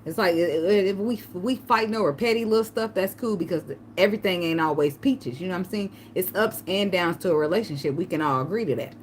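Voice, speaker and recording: A woman tarot reader giving casual spiritual advice, telling a personal story and breaking into a high pleading voice to act out begging. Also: fast, hardly any pauses, a little hiss or hum. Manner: animated storytelling, acts out begging in a high pleading voice, laughs often.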